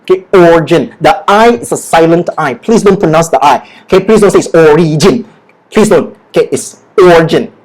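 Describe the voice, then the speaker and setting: An English lecturer with a Malaysian accent giving a livestreamed pronunciation lesson, drilling words slowly and tagging sentences with "all right?". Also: medium pitch, low-quality recording. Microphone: oversensitive loud home mic.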